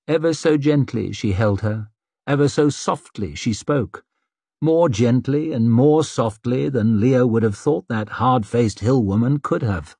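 Guy reading an audiobook, husky, dry close sound. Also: mid-range voice, a little slow, a little mellow, no echo. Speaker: audiobook narrator. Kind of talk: scripted narration.

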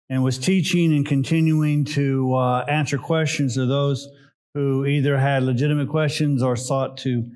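A middle-aged man, a pastor, preaching a sermon in a relaxed teaching way with frequent "uh"s and side remarks. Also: mid-range voice. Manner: conversational teaching with asides and filler "uh"s.

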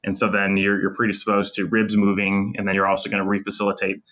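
A man's voice: lowish voice, monotone, fairly bright tone. A man, a sports medicine doctor as podcast guest, explaining injury and muscle function in detail with clinical terms. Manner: fast, technical, lecturing with clinical terms. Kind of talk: podcast interview, explaining in depth.

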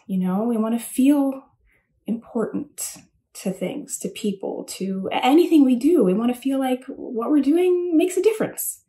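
A woman's voice: high-pitched, animated, a little slow, warm tone. A woman giving a casual, rambling commencement speech, self-deprecating and full of fillers. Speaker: commencement speaker. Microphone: home recording for a virtual address.

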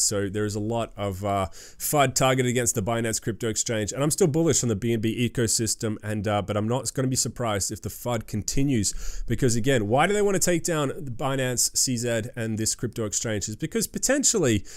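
A man rattles through crypto headlines in an emphatic, hype-driven host manner, calling out to his viewers as he goes. His voice sits at an everyday middle pitch. The recording is dry and close, with no room sound. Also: a little fast, no echo. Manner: emphatic, hype-driven, lots of fillers and "guys". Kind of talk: fast-paced crypto news commentary.

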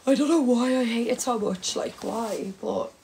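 A young livestreamer chats casually with viewers while she games, cursing freely and shrieking whenever something goes wrong. She speaks at a normal speed in a slightly high, darkish voice, with slight background noise.

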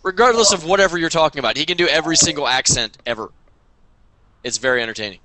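Fast, bright-voiced podcast host. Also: male voice, on the high side, animated, no room sound, rough recording. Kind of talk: casual podcast chat over a video call.

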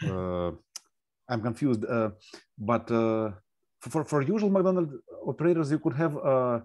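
A man poses questions during a seminar, halting and apologetic, with lots of fillers. His voice sits at an ordinary male pitch. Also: darkish tone. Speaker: audience member asking questions.

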